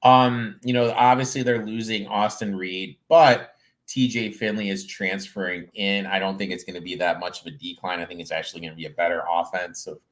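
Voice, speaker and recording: A man's voice: low voice, steady tone, brisk. A man co-hosting a casual sports chat, talking steadily and analytically as he lists stats. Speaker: podcast co-host.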